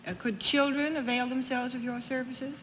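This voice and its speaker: A woman's voice: high voice, flat delivery, normal speed, a bit bright, slight background noise. A poised woman on a game show panel, asking methodical yes-or-no questions. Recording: dull, reverberant 1950s TV studio broadcast.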